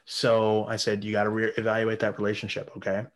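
A man's voice: lowish voice, completely flat delivery, brisk. Crude rambling man in his thirties. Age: 30s. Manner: crude, rambling, swears often. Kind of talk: casual anecdote.

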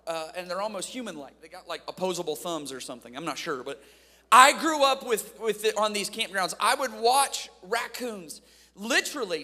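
A man's voice: high voice, bright, forceful tone, big-room sound. A man from Ohio preaching at a youth camp, telling funny stories with playful folksy asides to the crowd. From Ohio, USA. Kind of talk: humorous sermon storytelling.

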